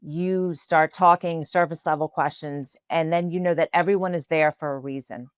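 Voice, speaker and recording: Podcast guest, woman, Spanish first language, from New Orleans, low voice, heartfelt rambling storyteller. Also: fairly even intonation, normal speed, clean tone, no room sound, clean studio sound. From New Orleans, USA. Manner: earnest, emotional, many fillers. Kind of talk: personal faith storytelling.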